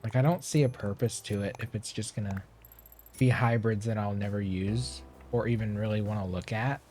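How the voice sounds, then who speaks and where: A young man streaming a game, chatting casually and rambling to himself, his voice a little hoarse and often clearing his throat. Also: on the low side, normal speed, a little mellow. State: slightly hoarse. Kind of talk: casual gameplay chat.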